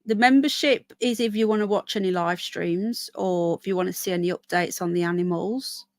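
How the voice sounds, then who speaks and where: A hoarse woman live-streaming outdoors in a small town, chatting with viewers and reading news aloud. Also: lowish voice, moderate pace, no room sound. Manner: chatty, reads out viewer comments and news text. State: hoarse, voice keeps going. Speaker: livestreamer.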